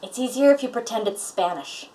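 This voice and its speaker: A woman's voice: on the high side, animated, a little fast, dark tone, far from the mic, low-quality recording. A young woman co-hosting a casual chat, talkative and explaining things at length. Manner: chatty and explanatory. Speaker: co-host.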